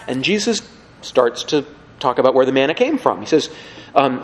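Animated preacher man in a reverberant church. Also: fairly high pitch, fairly quick. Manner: animated, conversational, acts out quotes. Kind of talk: lively sermon. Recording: long hall reverb.

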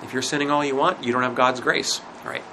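A man teaching a religion class in a conversational lecture, asking rhetorical questions and often pausing with fillers. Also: mid-range voice, steady tone, sharp tone, a little hiss or hum, rough recording.

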